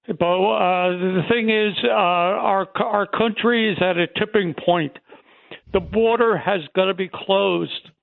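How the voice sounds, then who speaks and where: A man calling in to a radio show with a gravelly voice, emphatic and halting. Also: high-pitched, no echo. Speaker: caller. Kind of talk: phone call to radio show. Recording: tinny phone line.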